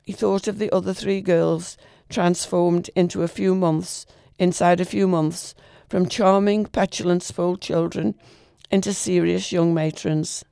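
Gravelly woman reading a literary story. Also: on the low side, dry recording, studio quality. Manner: measured, expressive storytelling. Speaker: reader.

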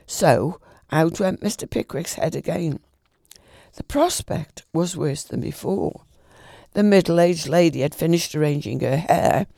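Brief: male amateur audiobook reader, gravelly, mellow, dry close mic. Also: fairly high pitch, dry recording. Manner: unhurried, with occasional stumbles and restarts. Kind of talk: reading a classic novel aloud.

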